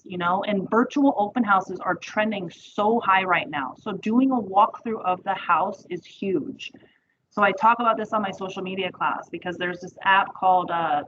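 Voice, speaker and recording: A woman teaching a marketing training class in a chatty, encouraging way. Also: medium pitch. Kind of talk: webinar training talk. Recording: muffled audio with background noise.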